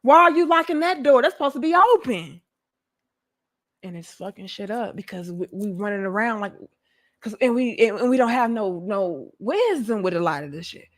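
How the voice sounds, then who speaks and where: A young adult woman, delivering a profane, animated commentary rant and acting out mocking voices. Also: medium pitch, moderate pace. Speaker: commentary host. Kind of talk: ranting commentary monologue.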